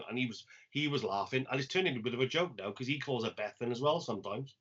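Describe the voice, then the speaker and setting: A man tells an anecdote on a poetry podcast, casual and animated, acting out each quoted line. His voice sits at a middle pitch. The recording is dull and lo-fi. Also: quick pace, hardly any pauses. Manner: animated anecdote-teller, acts out quoted lines. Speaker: poet and podcast co-host. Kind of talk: casual storytelling chat.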